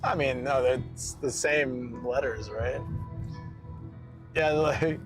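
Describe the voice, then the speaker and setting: A man's voice: mid-range voice, slow. Scottish male streamer, casual and rambling, laughs often, faint music underneath. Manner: rambling, filler-heavy, laughs easily. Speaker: live-streamer. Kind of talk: casual live-stream chat while driving.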